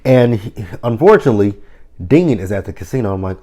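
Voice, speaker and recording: A man in his thirties recapping a TV episode in a casual, profane, animated vlog style, acting out the characters' lines as he goes. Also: fairly low pitch, fairly quick. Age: 30s. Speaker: TV episode reviewer.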